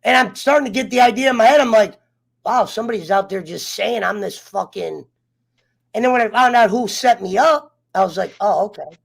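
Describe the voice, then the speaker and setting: Fired-up american guy swearing thru a story, gravelly fry all over. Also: high-pitched, brisk. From United States. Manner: heated, profane, fired up. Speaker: round table guest. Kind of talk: casual chat, personal storytelling.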